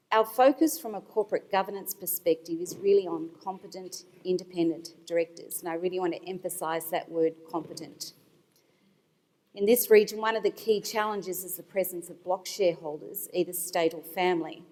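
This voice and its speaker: A woman panelist speaking as an institutional investor, explaining her points in a measured way with some fillers, at a conference. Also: on the low side, darkish tone. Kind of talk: panel discussion remarks. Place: conference hall. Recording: long hall reverb. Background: hall reverb.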